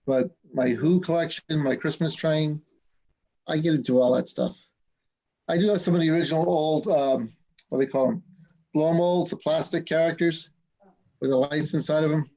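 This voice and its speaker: A man's voice: fairly high pitch, normal speed, dark tone, highs cut off. A man hosting a casual live stream chat, telling stories with an easy, laughing manner over a video call. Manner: chatty, laughing between stories. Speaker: host.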